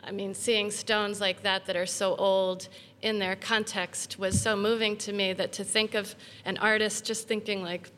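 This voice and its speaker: A woman's voice: medium pitch, level tone, moderate pace, fairly bright tone, big-room sound, slight background noise. A woman speaking as a panel guest, hesitant and full of fillers. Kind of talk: discussion panel.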